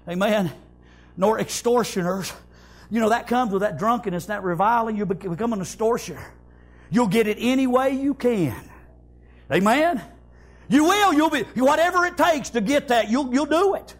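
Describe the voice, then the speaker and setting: A man preaching a fiery sermon, shouting in bursts and repeating "praise God" and "amen". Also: very high voice, moderate pace.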